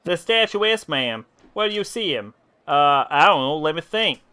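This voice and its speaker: A man's voice: on the high side, big pitch swings, normal speed, pushed and bright, smooth. A tipsy man streaming a game, reading the dialogue aloud in a put-on southern country drawl and swearing freely. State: tipsy from drinking. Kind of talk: casual live gameplay commentary, reading game dialogue aloud.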